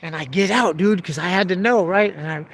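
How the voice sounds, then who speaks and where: A man's voice: high-pitched, brisk, a bit bright. A man telling a story casually, swearing freely and calling the listener dude and bro. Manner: profane, laid-back, peppered with "dude" and "bro".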